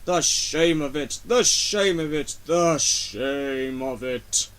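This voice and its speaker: A man voicing a boastful, grumpy big male steam engine for a storybook reading, loud and grumbling. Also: on the high side, takes it slowly, smooth.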